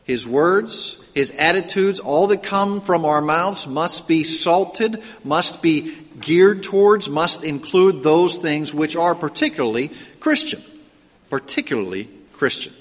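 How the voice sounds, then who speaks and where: A man's voice: a little high, expressive, takes it slowly, big-room sound. A man from Pittsburgh with a trace of a Pittsburgh accent, preaching a sermon as a pastor in a conversational way, full of rhetorical questions and restarts. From Pittsburgh, Pennsylvania. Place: church sanctuary.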